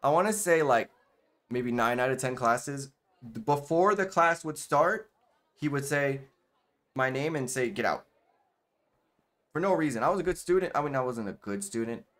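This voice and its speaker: A man's voice: medium pitch, moderate pace, fairly bright tone. A man hosting casual gameplay commentary, loose and chatty, slangy, and he swears freely. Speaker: gaming channel host.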